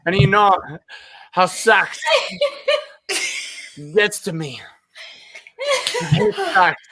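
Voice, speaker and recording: In a full character voice that sits high, pushed and bright, a man speaks very slowly with wildly swooping pitch. He's playing a lovesick would-be European romancer with a fake, vague European accent, swooningly improvising a hammy, sexy love letter.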